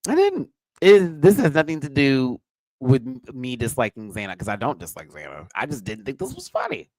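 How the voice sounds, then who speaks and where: A man hosting a live review show, ranting bluntly and with swearing, his voice swinging from quiet mutters to loud high outbursts. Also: huge pitch swings, moderate pace, dry recording, low-quality recording. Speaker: drag race reviewer and channel host.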